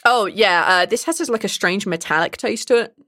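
A woman's voice: medium pitch, moderate pace, bright, forceful tone, no room sound, clean studio sound. A woman, narrating and running a tabletop game, descriptive and playful, with frequent laughs. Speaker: game master.

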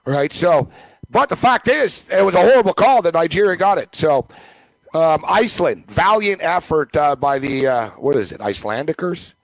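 A man's voice: fairly high pitch, very animated, moderate pace, creaky, no echo, low-quality recording. A man co-hosting a casual sports talk show, ranting emphatically and rambling with lots of fillers.

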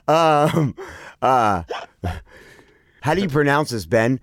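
A man hosting a podcast in loose, joking chat, his pitch swinging up and down a lot. He talks in an unhurried way, laughs often and hams up mock moans. The sound is dry and close-miked. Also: wildly swooping pitch, no echo. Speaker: podcast co-host. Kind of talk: casual chat.

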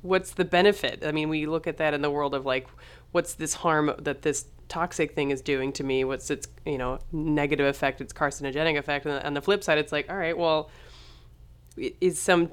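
A woman co-hosting a podcast who chats casually, laughs easily and acts out little quotes in lively voices. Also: low voice, fairly quick, clear, resonant tone.

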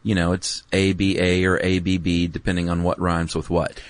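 A man's voice: deep voice, monotone, normal speed, no room sound. A man co-hosting a podcast, laid-back and wry, with many "um"s as he explains. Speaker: podcast co-host. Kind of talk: casual educational chat.

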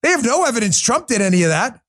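A man's voice: very high-pitched, very animated, fast talker, a bit bright. A man hosting a livestreamed political commentary show, talking in a combative, sarcastic rant. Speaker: political talk show host.

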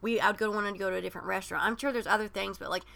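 Brief: woman podcast co-host, bright and gravelly, rambling storyteller. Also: mid-range voice, steady tone, racing. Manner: rambling, many "like" fillers, acts out quoted voices. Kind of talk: personal storytelling in casual chat.

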